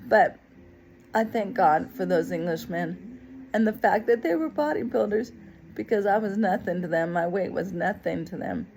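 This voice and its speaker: Expressive woman telling a personal story. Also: medium pitch, moderate pace, gravelly, a little hiss or hum, low-quality recording. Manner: lively, expressive retelling, acting out other people's lines. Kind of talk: personal story told to the camera.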